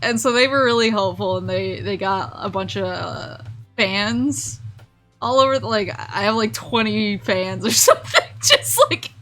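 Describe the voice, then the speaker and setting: A woman's voice: medium pitch, moderate pace, fairly bright tone, soft background music. A woman vtuber chatting casually on stream, telling a rambling story with frequent laughs, restarts and fillers.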